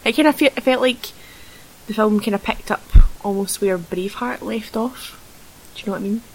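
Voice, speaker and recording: A woman's voice: medium pitch, fairly quick, rough recording. Playful young Scottish woman. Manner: playful, teasing, giggly. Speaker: podcast co-host. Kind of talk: casual film review chat. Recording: faint hiss.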